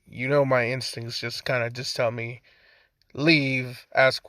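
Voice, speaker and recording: A man's voice: medium pitch, little pitch movement, slow, fairly bright tone, no room sound, studio quality. A man voicing an impulsive young male hero who talks casually and sheepishly.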